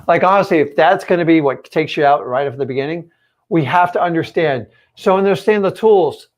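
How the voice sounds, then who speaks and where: Speaking straight to viewers on a live stream, this male real estate coach hammers every point with blunt emphasis. His voice sits somewhat high for a man.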